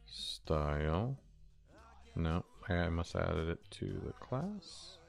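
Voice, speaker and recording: A man developing a game on a live stream, talking to himself and swearing casually, his voice a bit hoarse. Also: sits low, sing-song, slow pace, soft background music.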